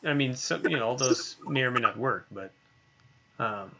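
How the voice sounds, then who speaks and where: A man with a mid-range, pushed, bright voice teaches a Bible lesson at normal speed for a recorded online class. He keeps it conversational, peppering his talk with fillers and frequent tag questions like "right?"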